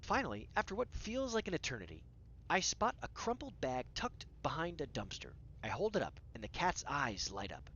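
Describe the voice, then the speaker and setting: A narrator telling a whimsical story as a casual, conversational voice-over, animated with dramatic pauses. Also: mid-range voice, highs cut off, slight background noise.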